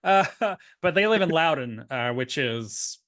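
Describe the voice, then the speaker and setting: A man's voice: a little high, unhurried, no room sound, clean studio sound. A man from Tennessee co-hosting a podcast, chatting casually about an old sitcom episode and acting out its lines. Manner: animated, laughs often, acts out quotes. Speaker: podcast co-host. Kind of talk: casual chat recapping a TV episode.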